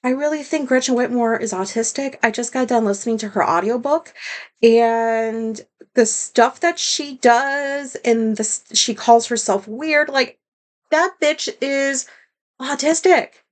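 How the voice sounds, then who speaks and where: A woman's voice: on the high side, a little slow. A woman from the United States talking to camera in a casual storytelling monologue, rambling and candid, with lots of "like" and some swearing. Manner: rambling, heavy use of "like", candid, swears, self-deprecating. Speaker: vlogger.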